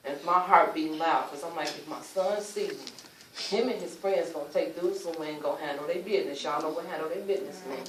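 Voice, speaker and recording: A woman giving an emotional personal testimony at a luncheon, telling her story in animated, informal speech and acting out what people said. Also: low-pitched, brisk, a little hiss or hum. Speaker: speaker sharing a personal testimony. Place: luncheon event room. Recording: roomy, distant mic, faint ambience.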